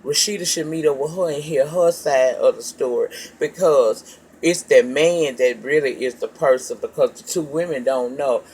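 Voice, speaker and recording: A woman's voice: extremely low pitch, normal speed, slight background noise. Profane, gossipy woman recapping a show. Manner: profane, animated storytelling, calls listeners child and baby. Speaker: TV reality show reviewer.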